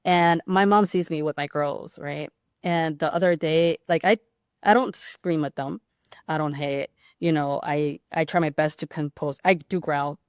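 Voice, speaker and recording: A woman with a low voice talks as a podcast guest and rambles through her thoughts, full of fillers and restarts. The sound is dry and close, with no room around it. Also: fairly even intonation, measured pace, clear, resonant tone, no room sound. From Hispanic background. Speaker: pediatric sleep consultant and guest. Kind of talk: casual podcast interview.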